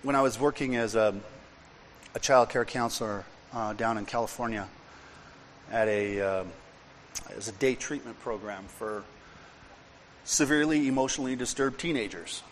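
A pastor preaching a sermon, telling a personal story in a conversational way and building to emphatic, repeated points. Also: male voice, medium pitch, moderate pace, pauses often, a little hiss or hum. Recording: long reverb and faint room ambience.

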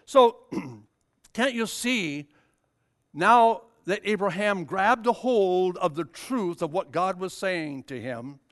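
A man's voice: high-pitched, expressive, slow pace. An older man preaching a sermon, telling a Bible story and rising to fervent emphasis.

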